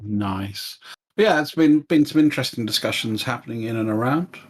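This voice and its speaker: A Scottish man talks through his ideas in a casual debate chat. He is hesitant and often restarts, with a dry, dark streak of humor. His pitch sits in the middle range for a man. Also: normal speed. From Scotland. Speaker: discussion participant.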